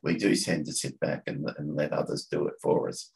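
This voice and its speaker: A man with an Australian accent, talking casually as a podcast guest, halting and restarting often as he searches for words. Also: extremely low pitch, steady tone, creaky, darkish tone, low-quality recording. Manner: halting, with many restarts and fillers. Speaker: coffee catch-up organiser, podcast guest. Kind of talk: casual conversation.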